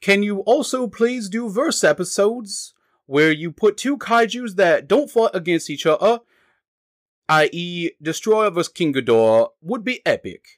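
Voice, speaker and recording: A man reading a listener review aloud in a clumsy put-on British accent, halting and self-conscious. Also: high-pitched, animated, pitched above the performer's own voice. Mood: hammy reading.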